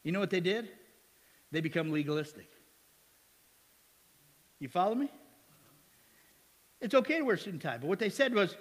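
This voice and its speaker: A man's voice: sits high, expressive, moderate pace, long pauses, big-room sound. A male pastor preaching a sermon in a church. He talks in a joking, conversational way and keeps asking the congregation questions. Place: church sanctuary.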